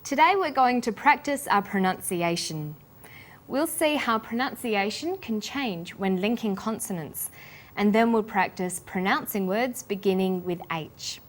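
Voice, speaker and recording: A woman with an Australian accent hosting a scripted English pronunciation lesson, speaking slowly and articulating each word clearly. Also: mid-range voice, lively intonation. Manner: slow, deliberate, clearly articulated. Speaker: English teacher and host.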